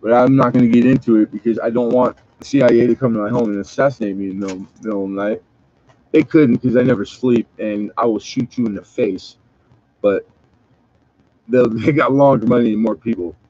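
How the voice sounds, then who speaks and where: A man's voice: mid-range voice, fairly quick, dark tone, dry recording, dull audio. A man from Southern California rambling and joking with profanity in a casual late-night livestream chat. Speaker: livestream host.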